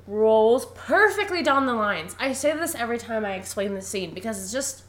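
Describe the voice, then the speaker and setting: Animated young woman recapping a film. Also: fairly high pitch, moderate pace. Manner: animated, laughs often, acts out lines. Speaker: podcast co-host. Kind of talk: casual film recap chat.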